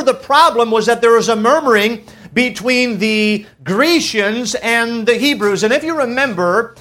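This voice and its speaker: Pastor preaching with slow emphatic drops. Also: male voice, a bit bright. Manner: preaches with slow emphatic phrasing, dropping low on key words; reads scripture in King James wording. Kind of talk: sermon.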